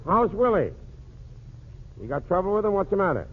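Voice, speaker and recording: High-voiced man doing a radio phone gag. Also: very animated, normal speed, slightly rough. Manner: wisecracking one-sided phone gag. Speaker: radio show host. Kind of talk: 1940s radio comedy monologue. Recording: tinny old radio broadcast with faint hiss.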